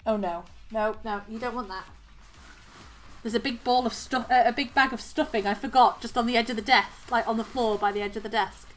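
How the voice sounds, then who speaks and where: A woman's voice: a little high, steady tone, a little fast, soft background music. A woman with a southern English accent, chatting casually with her audience while crocheting on a live stream, laughing often and talking to her cat. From southern England. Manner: chatty, giggly, talks to her cat and reads chat aloud. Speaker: craft streamer.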